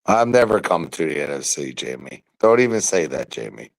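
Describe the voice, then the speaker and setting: A young man in casual chat, ranting loudly and profanely about football. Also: sits low, expressive, brisk, rough recording. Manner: loud, profane football rants. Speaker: podcast panelist.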